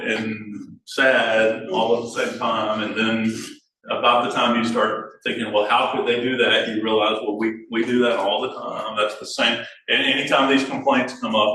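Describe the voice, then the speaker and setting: A man's voice: fairly low pitch, fairly even intonation, normal speed, sharp tone, husky. A man teaching an adult Bible class in a church room, talking things through with frequent restarts and fillers. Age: adult father. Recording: echoey room, voice from afar.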